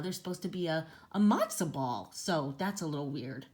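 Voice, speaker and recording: A woman's voice: low-pitched, lively intonation, normal speed, darkish tone. A woman reading a picture book aloud and chatting about the pages, explaining words as she goes. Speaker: storybook reader.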